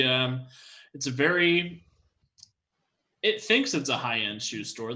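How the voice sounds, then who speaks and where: A man running a tabletop game as game master, narrating in a relaxed, easygoing way. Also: medium pitch.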